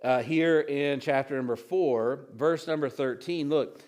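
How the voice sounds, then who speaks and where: A man's voice: mid-range voice, a little slow, few pauses, darkish tone. A man preaching a casual, conversational sermon, reading old scripture and retelling it with frequent restarts and asides. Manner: retells scripture with acted voices. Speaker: pastor.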